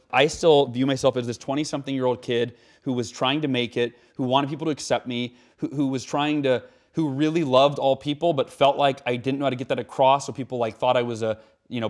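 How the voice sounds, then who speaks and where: A man in his forties, a guest author speaking in a casual interview, earnest and animated, acting out quotes as he tells stories. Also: mid-range voice.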